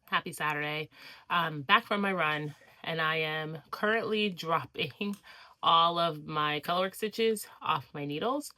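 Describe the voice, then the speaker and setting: A woman's voice: deep voice, unhurried, pushed and bright. A woman vlogger talking casually to her camera, chatty and rambling with frequent fillers. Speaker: crafting vlogger. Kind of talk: casual vlog chat.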